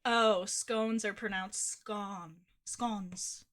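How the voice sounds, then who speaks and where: Woman streamer from Ohio, casual gaming chat, giggly and foul-mouthed, a touch high-voiced. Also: lively intonation, unhurried, a bit bright. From Ohio, USA. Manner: giggly, chatty, swears casually.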